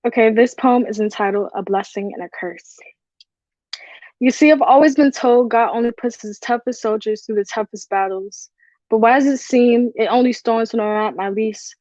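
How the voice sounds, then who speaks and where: A woman performing a spoken word poem at an online open mic, with a steady, confessional delivery. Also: a little high, dry recording, muffled recording. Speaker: poet. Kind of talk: spoken word poetry reading.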